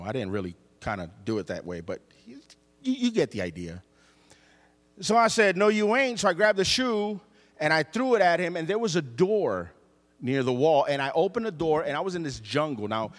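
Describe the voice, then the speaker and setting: A man preaching a storytelling sermon to his church, jokey and engaging, calling on the congregation to answer him. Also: fairly high pitch. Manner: lively, jokey, audience call-and-response. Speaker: pastor. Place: church sanctuary. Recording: long reverb in a church hall.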